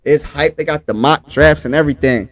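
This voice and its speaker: Hyped high-voiced Philly man. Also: a little fast, no room sound. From Pennsylvania. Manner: hyped, talks straight to the chat. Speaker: sports talk host. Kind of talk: casual livestream sports talk.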